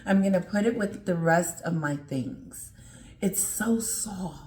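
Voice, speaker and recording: A middle-aged woman vlogger unboxing gifts in an excited, gushing chat to camera, exclaiming often. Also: lowish voice, takes it slowly, roomy sound, slight background noise.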